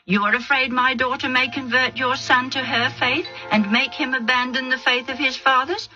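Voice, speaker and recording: A woman's voice: sits low, normal speed, sharp tone, highs cut off, faint music behind. A woman voicing an angry older man who indignantly defends his daughter with a raised voice. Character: angry older man, proud father of the bride.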